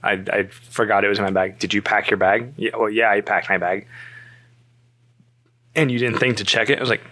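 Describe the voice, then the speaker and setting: Animated, laughing man telling a story. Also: fairly low pitch, fairly quick, pauses often. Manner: animated, acts out quoted dialogue, laughs often. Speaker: storyteller guest. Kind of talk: casual storytelling chat.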